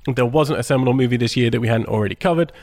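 Relaxed joking man co-hosting a podcast. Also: medium pitch, racing, dry recording, clean studio sound. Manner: relaxed, joking, swears casually. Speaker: podcast co-host. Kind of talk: casual chat about films.

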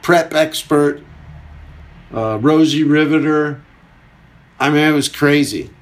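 A man's voice: fairly high pitch, takes it slowly. A man hosting a solo comedy podcast, rambling through a chart countdown with jokey asides and answering his own questions. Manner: rambling, jokey, talks back to himself. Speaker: podcast host.

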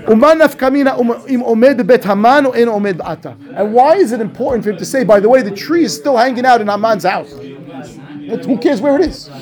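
A man, a rabbi, teaching a class on a scriptural text, asking questions and answering them himself in a lively way. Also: very high-pitched, brisk. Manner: animated, asks and answers his own questions. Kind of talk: Torah class commentary.

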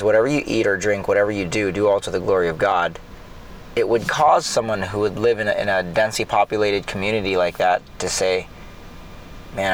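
A man's voice: on the low side, a bit bright, slight background noise, poor audio. A man giving an informal, impassioned sermon, talking conversationally with frequent restarts. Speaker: preacher.

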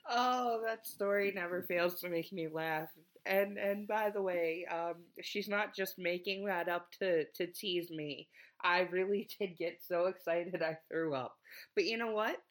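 A man's voice: high voice, measured pace, a bit bright. A man co-hosting a comedy podcast in casual chat, often laughing and hesitating with ums. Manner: giggly, hesitant, lots of ums. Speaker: podcast co-host.

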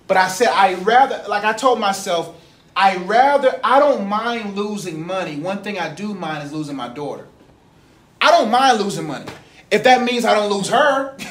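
A man in his thirties giving a casual, animated sermon talk, laughing often as he speaks. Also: high voice. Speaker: preacher.

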